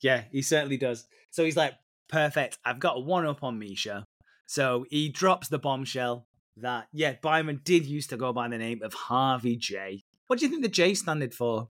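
A man's voice: medium pitch, lively intonation, normal speed, fairly bright tone. British man recapping a show on a podcast. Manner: storytelling recap, swearing freely. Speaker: podcast co-host. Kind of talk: casual chat.

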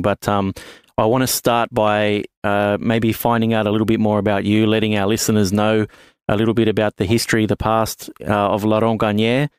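A man hosts a podcast with plain enthusiasm. His voice sits low and stays level, smooth and clear. The sound is dry and close. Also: no room sound. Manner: enthusiastic, friendly, chatty. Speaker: podcast host. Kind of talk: casual podcast interview.

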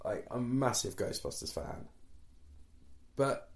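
A man's voice: on the low side, sing-song, a little slow, gravelly. A man co-hosting a podcast, joking in a self-deprecating way and laughing as he chats casually. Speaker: podcast co-host. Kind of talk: casual chat.

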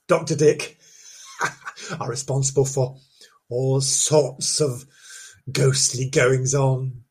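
A man's voice: fairly high pitch, breathy edge. A man hosting a comic ghost-story podcast, gasping, giggling and repeating his phrases for effect. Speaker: podcast host. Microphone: studio mic with headphones.

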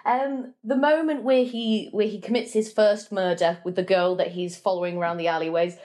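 A woman gives her opinions in a relaxed film discussion. Her voice sits in the middle range, and she talks in an easy, offhand way with plenty of filler words. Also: mid-range voice, moderate pace. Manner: casual, with frequent "like" and "you know". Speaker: podcast panelist.

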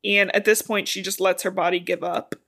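With little pitch movement, a medium-pitched woman's voice comes through fairly quick and fairly bright. She co-hosts a podcast, casually recapping a novel's plot in a chatty style that includes the odd swear word.

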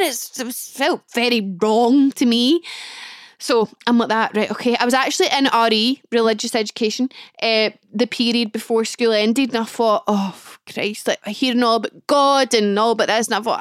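A woman's voice: fairly high pitch, steady tone, a little fast, no room sound, clean studio sound. A woman in her twenties hosting a podcast, telling a story casually and chattily, full of "like" and acting out her own thoughts. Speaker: podcast host.

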